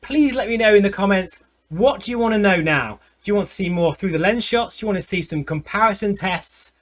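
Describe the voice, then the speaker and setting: A man, a flight sim vlogger gushing with excitement as he reviews a VR headset. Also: high voice, a little fast. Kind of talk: enthusiastic product review vlog.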